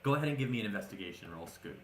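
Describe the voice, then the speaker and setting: A man's voice: fairly low pitch, lively intonation, rapid-fire. A man narrating as game master, rambling with many fillers. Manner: rambling, filler-heavy, laughs often. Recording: echoey room.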